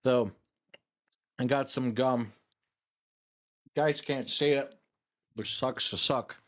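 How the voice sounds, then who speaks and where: A man's voice: medium pitch, takes it slowly, fairly bright tone. A young man streaming as a VTuber, chatting casually with his viewers in a rambling, jokey way while drowsy after a meal, into a streaming microphone. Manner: rambling and jokey, addressing chat. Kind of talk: casual live-stream chat.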